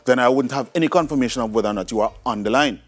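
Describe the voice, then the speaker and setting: A male teacher with a Jamaican accent and a medium-pitched voice gives a recorded lesson. He explains in an easy, chatty way and keeps checking that his listeners follow. Faint music plays in the background. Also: racing, dry recording. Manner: conversational, explanatory, checks in with "all right?". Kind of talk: recorded classroom lecture.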